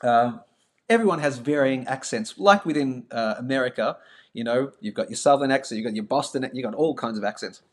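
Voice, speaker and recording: A man's voice: medium pitch, brisk. A middle-aged man with a mild Melbourne Australian accent, hosting a live stream in a chatty, self-mocking way and talking straight to his viewers. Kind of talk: casual live-stream chat.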